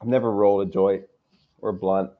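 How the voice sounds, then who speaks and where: A man's voice: fairly low pitch, steady tone, fairly quick, phone-quality sound. A young man rambling through a crude, profane fantasy football season recap, trash-talking his friends while drinking. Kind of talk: profane casual rant.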